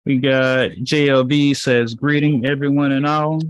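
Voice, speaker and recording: Male co-host, mid-pitched, dry close sound, matter-of-fact chat reader. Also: level tone, unhurried, smooth, no room sound, lo-fi sound. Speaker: co-host reading chat comments. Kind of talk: reading out chat comments.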